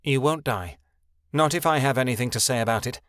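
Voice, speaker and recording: A proud, sharp-tongued griffin, a she-creature who talks curtly in a low, even voice, as a man reads her. It is a fantasy audiobook, recorded dry and close. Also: normal speed, dry recording, lightly acted. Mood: curt, gruff.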